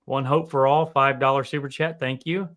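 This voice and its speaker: Guy hosting a livestream, reading donations off quick, easygoing and upbeat. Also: medium pitch, steady tone, fairly bright tone. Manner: upbeat, thanks donors one by one. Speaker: livestream host reading super chats. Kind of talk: casual live-stream chat.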